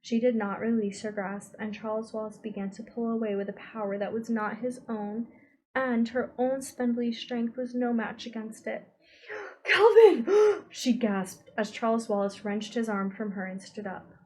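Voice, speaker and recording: A woman reading a novel aloud as an audiobook narrator, giving the dialogue expressive voices. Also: on the high side, moderate pace, poor audio. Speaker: audiobook reader.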